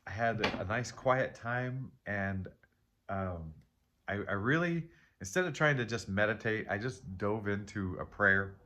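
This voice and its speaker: A man hosting a casual tarot reading, rambling and reflective, often trailing off, questioning himself and laughing softly at himself. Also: lowish voice, a little slow. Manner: candid and self-deprecating, with soft laughs. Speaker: tarot reader and channel host. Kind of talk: casual spiritual chat while reading tarot.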